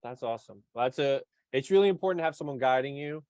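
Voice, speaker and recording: A man's voice: mid-range voice, fast, a little mellow, clean tone, no room sound. A man hosting a podcast who chats casually and asks loose, friendly questions. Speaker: podcast host. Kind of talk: casual interview.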